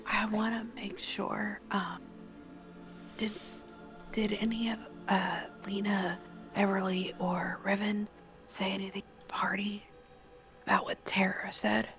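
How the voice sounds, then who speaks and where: A woman playing a tabletop game, speaking softly in a whispery way. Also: mid-range voice, little pitch movement, a little slow, pauses often, soft background music, low-quality recording. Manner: soft and whispery. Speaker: player. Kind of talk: casual chat while playing a tabletop game.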